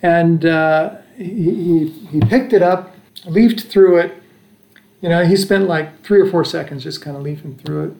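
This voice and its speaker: An older American man spins a rambling anecdote, pausing to restart his sentences and chuckle along the way. His voice sits a little high for a man and carries a gravelly rasp. The recording sounds roomy and echoey. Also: a little mellow. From United States. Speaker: father telling travel stories. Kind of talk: casual anecdotal storytelling. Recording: echoey room.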